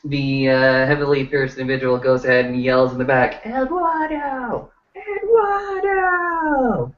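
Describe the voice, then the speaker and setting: A man's voice: mid-range voice, completely flat delivery, fairly quick, recorded from a distance. Man narrating a tabletop game, lo-fi. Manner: loose, filler-heavy narration. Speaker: game master. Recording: dull lo-fi audio.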